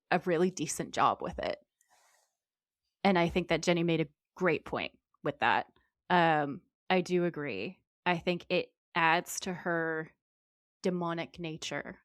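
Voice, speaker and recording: A woman's voice: fairly low pitch, no room sound, clean studio sound. A woman co-hosting a podcast in casual chat, enthusiastic and rambling with fillers. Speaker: podcast co-host.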